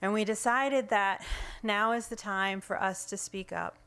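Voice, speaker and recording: A woman speaking for a coalition at a press conference, measured and deliberate at a podium microphone. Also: medium pitch, a bit bright, smooth. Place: indoor room at a state capitol.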